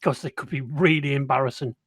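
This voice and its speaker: A man's voice: medium pitch, fairly even intonation, quick pace, husky, no room sound, clean studio sound. An older man playing a tabletop game, trading playful jokes in casual talk. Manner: jokey, playful banter. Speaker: player.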